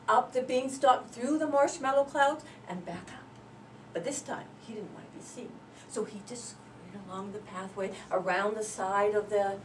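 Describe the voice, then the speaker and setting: Casting: woman storyteller at a club speech, animated, high voice, recorded from the back of the room. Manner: animated, swings from loud to hushed. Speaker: club member giving a speech. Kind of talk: folk tale storytelling speech. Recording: distant mic, faint room noise.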